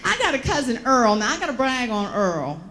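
A woman's voice: a little high, fairly quick. Folksy Southern woman speaker. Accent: Southern American. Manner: folksy, animated storyteller. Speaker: motivational speaker. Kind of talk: humorous keynote storytelling.

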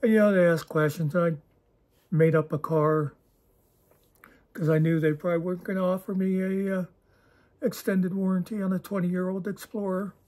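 A man's voice: high-pitched, little pitch movement, normal speed, pauses often, darkish tone. A man hosting his own channel, talking in a casual, digressive monologue with a wry, self-deprecating humor. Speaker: channel host.

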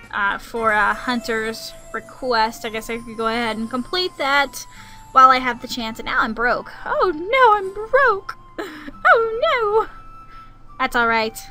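A woman's voice: on the high side, little pitch movement, unhurried, bright, forceful tone, faint music behind. A young woman talking casually over her gameplay, chatty and easily exasperated, grumbling when things go wrong. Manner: chatty, sings to herself, turns exasperated and grumbling. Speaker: gaming channel host. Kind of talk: let's play commentary.

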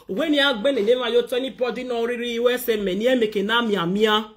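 A woman with a Nigerian Pidgin accent, delivering an animated, scolding rant to the camera as a vlogger. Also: on the high side, a little fast. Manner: scolding, animated, acts out others' words. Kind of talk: ranting monologue to camera.

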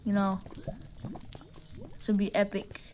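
A woman's voice: medium pitch, monotone, a little slow, a little hiss or hum, rough recording. A woman voicing over her gameplay clips as a channel host, rambling and swearing and trash-talking the other players. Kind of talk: voiced-over gameplay commentary. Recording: game music loud underneath.

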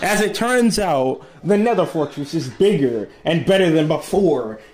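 A man's voice: fairly high pitch, expressive, measured pace, a little hiss or hum. A man voicing characters in a Minecraft role-play, bossy and scolding in a theatrical way. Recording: roomy sound under loud music.

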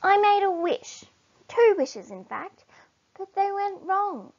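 A woman doing a squeaky little warthog. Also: sing-song, slow, full character voice. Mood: pleading. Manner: pleading, apologetic. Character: tiny young male warthog, earnest and gentle. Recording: dull lo-fi recording.

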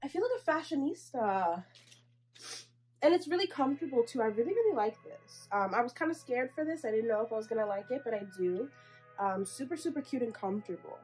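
A sassy young woman with a fairly high voice chats through a clothing try-on. She talks bluntly and playfully, calling her viewers sweetie, and sounds hot and a bit out of breath. Soft music plays faintly underneath. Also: lively intonation, fairly quick, poor audio. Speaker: fashion vlogger. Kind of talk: try-on haul chat.

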